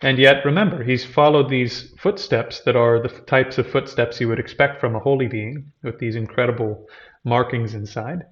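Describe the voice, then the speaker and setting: A man's voice: mid-range voice, moderate pace, muffled recording. A man giving a teaching talk, retelling an old scripture story and explaining its terms as he goes. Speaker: lecturer on Buddhism.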